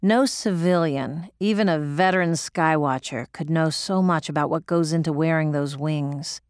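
A woman's voice: low-pitched, normal speed, clear, resonant tone, dry recording, studio quality. A woman narrating in the first person as an audiobook reader, gritty, profane and emotional.

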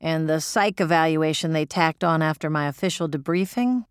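A woman's voice: sits low, moderate pace, clear, resonant tone, no room sound, studio quality. A woman narrating in the first person as an audiobook reader, gritty, profane and emotional.

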